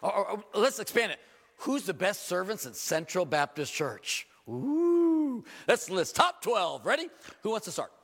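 Lively pastor preaching in a reverberant church. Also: male voice, sits high, moderate pace, vocal fry. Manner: animated preaching with rhetorical questions and self-deprecating humor. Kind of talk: sermon. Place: church sanctuary. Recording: long reverb of a church hall.

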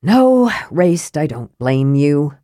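A woman's voice: low-pitched, sing-song, slow pace, warm tone, dry recording, clean studio sound, full character voice. A woman doing a grumbling, blunt warrior. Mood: gruff. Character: gruff, worried big young warrior.

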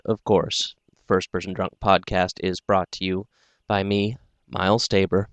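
Slow, low-voiced male audiobook reader. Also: clean tone, no room sound. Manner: dry, self-deprecating, with filler pauses. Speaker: podcast host and audiobook reader. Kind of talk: casual audiobook narration.

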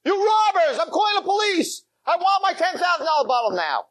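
A shrill, sobbing drunk young man rails at the people around him. His voice jumps far above its usual range and cracks into tearful shouting. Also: animated, fast. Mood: drunk outrage. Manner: high-pitched shrieking, tearful shouting.

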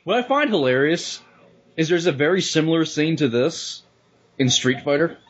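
A man's voice: a little high, moderate pace, highs cut off. A man casually commenting on a movie while it plays, laughing often and swearing as he reacts. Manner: laughs often, profane, excitable.

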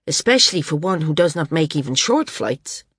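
A woman's voice: low-pitched, very animated, normal speed, a bit bright, husky, dry recording, studio quality, full character voice. A woman reading a blunt male flyer. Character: blunt experienced male flyer, frank but kind.

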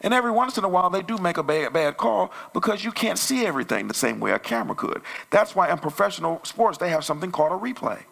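A male pastor telling a story in a conversational sermon that grows loud and animated. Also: fairly high pitch, quick pace, creaky, few pauses. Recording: church sermon audio.

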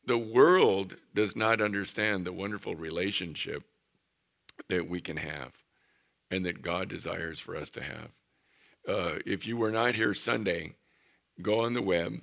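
A man's voice: low voice, creaky, fairly bright tone. A man preaching a sermon as pastor, earnest and emphatic.

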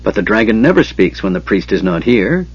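Man voicing a clawed storybook creature priest, hurried, husky. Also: fairly low pitch, sing-song, highs cut off. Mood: uneasy.

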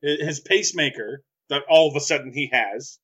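A man's voice: a little high, normal speed, fairly bright tone. A man on a casual film podcast with a slightly raised voice. He chats, asks questions about the plot and adds his own reactions. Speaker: podcast co-host. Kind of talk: casual chat.

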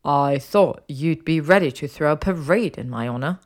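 A woman reading the part of a sardonic, cocky young male wizard, giving him a dry, sarcastic, clipped delivery in a low voice. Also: normal speed, close to an everyday voice. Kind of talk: audiobook character voice.

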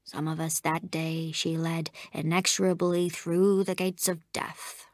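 A courtly old invalid uncle, read by a woman with a low, gravelly voice, savouring every word of his story with pompous flourish. The sound is close and dry, with no room around it. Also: level tone, measured pace, no room sound. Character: elderly genteel invalid uncle, pompous raconteur.

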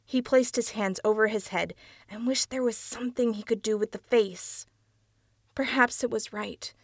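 A woman narrating a dark audiobook story in a measured storytelling voice. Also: a little high, fairly even intonation, no room sound, clean studio sound. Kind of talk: scripted narration.

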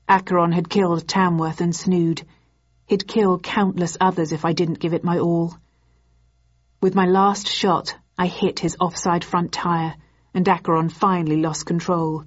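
A woman reading a first-person novel aloud in a measured, even storytelling manner. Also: on the low side, dull audio. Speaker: audiobook narrator.

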